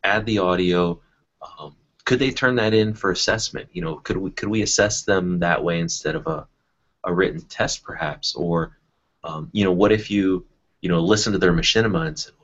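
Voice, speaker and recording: A man's voice: low voice, moderate pace, fairly bright tone, lo-fi sound. A man talking about teaching in a casual online discussion, thinking aloud with many fillers and restarts. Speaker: educator in a panel discussion.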